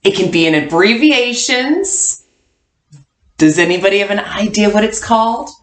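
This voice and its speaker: A woman teaching a kindergarten class online, coaxing answers with slow, sing-song hints. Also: medium pitch, lively intonation. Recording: echoey room.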